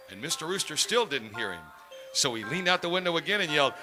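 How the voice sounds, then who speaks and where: A man reading a parody children's story in a mock-innocent, deadpan storybook voice in a radio studio. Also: on the high side, fast talker, over music. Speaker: comic storyteller.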